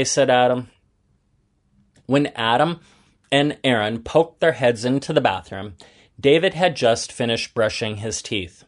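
A man narrating a children's story aloud in a gentle, even storytelling manner. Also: mid-range voice, measured pace.

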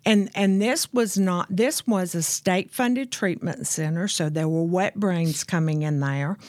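A woman guest telling her own story of addiction and recovery in an earnest, candid way, slowing down to stress key points. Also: fairly low pitch, darkish tone, no room sound. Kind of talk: personal testimony in conversation.

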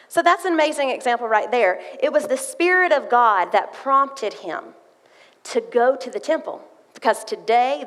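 Woman preaching in an echoing hall. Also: on the high side. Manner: earnest storytelling, reads scripture aloud. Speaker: church speaker sharing a testimony. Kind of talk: sermon with personal testimony. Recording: long hall reverb.

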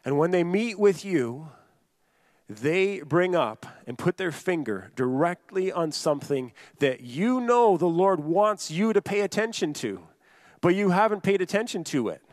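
A man's voice: sits high, very animated, measured pace, no echo. Earnest male preacher, dry sound. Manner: earnest, repetitive preaching with emphatic restatements and direct address. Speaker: pastor. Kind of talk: sermon.

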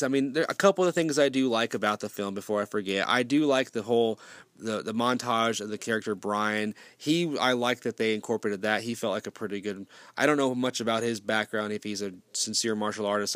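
A man's voice: medium pitch, no room sound. A man giving a casual film review, rambling and swearing freely, with frequent restarts.

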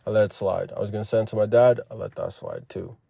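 A man telling a personal story in a casual, profane vlog, animated and acting out what people said. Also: fairly low pitch, fast, vocal fry, husky, no room sound. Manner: profane, animated retelling that acts out quoted lines. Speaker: vlogger.

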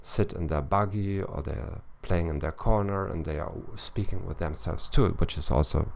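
A man's voice: sits low, moderate pace, creaky, slight background noise. A man coaching language learners in a podcast monologue, thinking aloud and tacking on little tag questions. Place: lives in Eastern Europe.

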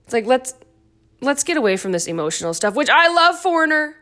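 A woman's voice: sits high, big pitch swings, brisk, pushed and bright. A middle-aged woman hosting her own dance fitness podcast, chatty and goofy with playful asides. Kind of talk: casual solo podcast talk.

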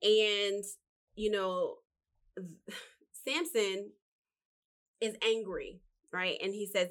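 A vlogger, a woman, retells a Bible story indoors as a loose, chatty monologue full of fillers and asides. Her voice sits at medium pitch, and she draws out her words and leaves long pauses.

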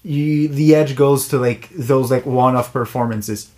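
A man's voice: mid-range voice, measured pace, darkish tone. A man co-hosting a casual film podcast, eager and full of fillers. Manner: enthusiastic, filler-heavy. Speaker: podcast co-host.

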